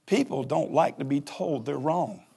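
A man's voice: fairly high pitch, expressive, normal speed, vocal fry, warm tone, husky. A man in his forties, a pastor giving a humorous sermon and acting out little scenes as he laughs. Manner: joking storyteller who acts out voices and laughs.

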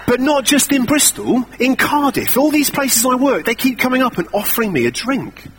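A man's voice: very high-pitched, animated, moderate pace, a bit bright, a little hiss or hum, pitched above the performer's own voice. A man preacher voicing a puzzled man on the street, asking why strangers keep buying him coffee, with an incredulous, questioning manner.

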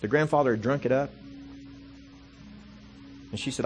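Speaking at a normal speed in a mid-range voice, a male pastor delivers a sermon through conversational stories full of restarts and repeated "see," rising into impassioned preaching. There's slight background noise.

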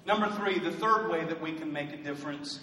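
A male pastor delivers a sermon with a notably high voice, rising into loud, fervent emphasis and slipping in humorous asides. The mic sits some way off, so his words carry a long, roomy echo of a church hall with a faint hum of ambience underneath. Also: a little fast. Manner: preachy, builds to loud emphatic bursts. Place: church sanctuary. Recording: echoey hall from a distant mic.

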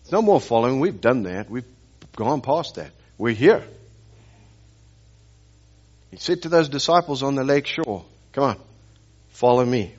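A male pastor preaching at a moderate middle pitch, telling stories and firing rhetorical questions at his listeners. He repeats key phrases for emphasis. The recording sounds slightly dull and muffled. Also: big pitch swings, unhurried, long pauses, husky. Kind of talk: sermon.

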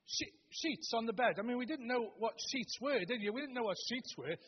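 A man in his seventies with a Stoke-on-Trent accent, opening a sermon with homely, humorous stories, often halting and restarting. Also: extremely high pitch, expressive, husky. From Stoke-on-Trent, England. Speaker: preacher. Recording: dull, long-reverb hall recording.

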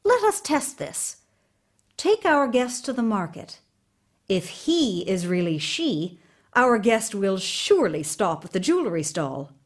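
A woman's voice: mid-range voice, big pitch swings, unhurried. A woman voicing a clever, curious queen who plots little tests in a fairy tale. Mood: scheming.

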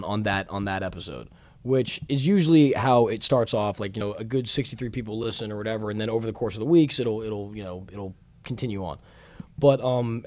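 A man's voice: fairly low pitch, a little mellow, no echo. A man co-hosting a podcast in casual chat, rambling and repeating words as he goes. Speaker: podcast co-host.

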